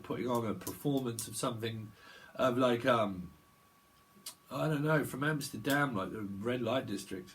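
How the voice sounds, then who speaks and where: A man giving a rambling psychic tarot reading, chatty and digressive, laughing often. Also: medium pitch. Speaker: tarot reader.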